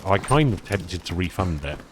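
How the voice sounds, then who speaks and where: Man, deep voice, casual game stream chat, rambling and self-deprecating, faint background noise. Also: big pitch swings, normal speed. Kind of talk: casual gameplay commentary.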